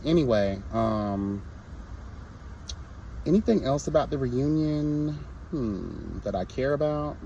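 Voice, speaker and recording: A man's voice: medium pitch, a little mellow, slight background noise. A young man reviewing a reality show in a casual vlog, sassy and blunt, breaking into mocking impressions.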